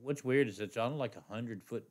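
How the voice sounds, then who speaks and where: A man's voice: mid-range voice, normal speed. Rambling podcast co-host, a man. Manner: rambling, animated, trails off and restarts. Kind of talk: casual podcast chat.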